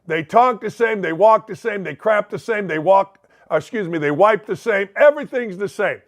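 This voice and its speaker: A man's voice: high-pitched, lively intonation, moderate pace. An older man with a Northwest Indiana, Chicagoland accent, hosting a sports talk show in a blunt, rambling monologue full of folksy asides. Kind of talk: opinionated monologue.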